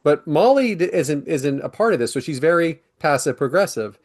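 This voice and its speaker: A man's voice: a little high, animated, moderate pace. A man hosting a podcast, leading segments in an upbeat, casual way and laughing often. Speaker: podcast host. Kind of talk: casual chat.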